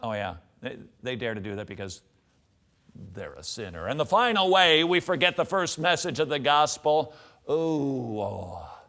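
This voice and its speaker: A middle-aged man hosting a lively Christian teaching monologue, acting out scolding quotes in funny voices. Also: on the high side, moderate pace. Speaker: radio and TV host.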